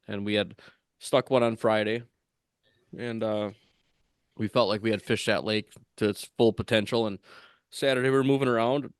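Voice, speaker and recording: A man with a lowish voice tells a long story in a loose, rambling way, circling back with fillers and restarts. He is recorded dry, with no room sound around him. It sounds like a relaxed podcast chat among fellow tournament anglers. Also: clear, resonant tone, no room sound. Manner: rambling, full of fillers and restarts, animated when quoting others.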